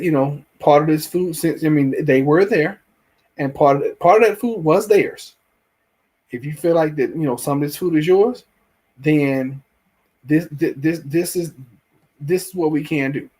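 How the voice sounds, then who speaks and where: A man with a Southern US accent hosts a casual live chat, rambling and restarting phrases as he reacts to viewers. His voice is a little high, husky and darkish in tone.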